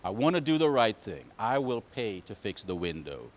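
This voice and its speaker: A man's voice: fairly low pitch, big pitch swings, moderate pace, pitched below the performer's own voice. A man voicing an apologetic young boy who admits breaking a window in a storybook tale. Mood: earnest.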